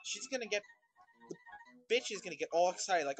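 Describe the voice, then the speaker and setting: A man commentating over his own gameplay, ranting in constant profane exasperation at a slow game. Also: high voice, expressive, rough recording. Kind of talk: let's play commentary. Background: video game music.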